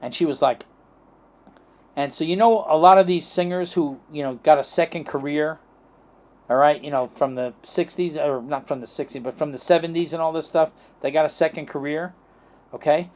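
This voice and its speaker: Chatty storyteller man, higher voice. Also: normal speed, darkish tone. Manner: acts out quoted dialogue, checks in with "okay?" and "right?". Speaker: chiropractic guest. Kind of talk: rambling anecdotal storytelling.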